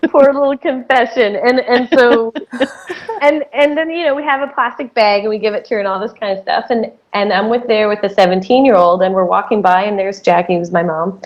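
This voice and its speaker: A camp director co-hosting a podcast tells camp stories in casual chat, her medium-pitched voice a little mellow. She's a giggly storyteller who laughs mid-sentence, and the recording is rough.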